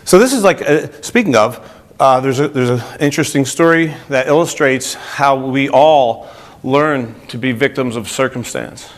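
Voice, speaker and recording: A man with a New Jersey accent gives an energetic motivational talk to a group, speaking at normal speed in a medium-pitched voice. He often asks the audience questions.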